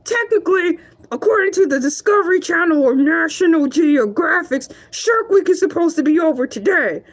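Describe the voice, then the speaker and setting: Hercules, a cocky shark who hosts his own live show, put on by a woman. His voice sits very high and quavers as he rants in mock outrage, then cracks up laughing. He boasts about himself and chats straight to his viewers. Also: animated, normal speed. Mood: chatty. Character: brash self-proud male shark show host. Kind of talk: live-stream comedy monologue.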